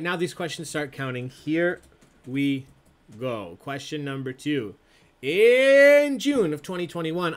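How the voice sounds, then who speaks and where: Playful man hosting trivia, lively pitch. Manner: playful, laughs often while reading questions. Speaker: trivia host. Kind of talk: casual live trivia hosting.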